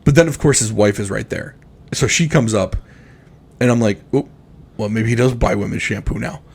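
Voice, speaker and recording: A man co-hosting a podcast spins a story in casual talk, animatedly performing the voices of the people he quotes. His voice is husky and fairly low, at a normal speed.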